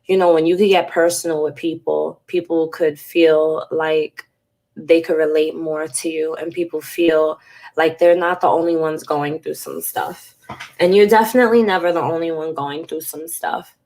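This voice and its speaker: A woman's voice: low-pitched, fairly even intonation, normal speed, a little mellow. A congested woman in her thirties talking frankly and casually to her viewers in a personal vlog, swearing now and then. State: congested from a cold. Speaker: vlogger.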